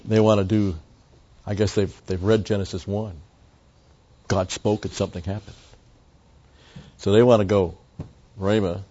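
A man's voice: deep voice, warm tone, husky, dull audio. An older man teaching a Bible study lecture in a rambling, conversational way full of asides.

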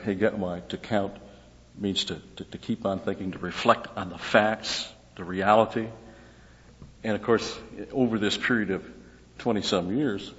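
A man with a lowish voice teaches scripture verse by verse in an easy, talkative way, often posing a question and answering it himself. The sound is dull and lo-fi. His voice rings through a large hall with a long echo. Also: a bit bright. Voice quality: conversational, asks and answers own questions. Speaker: Bible teacher.

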